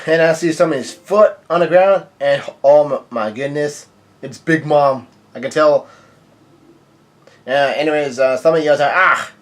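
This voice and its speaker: A man's voice: fairly high pitch, moderate pace. A man casually recapping a comic chapter, rambling with many fillers and restarts. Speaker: manga reviewer.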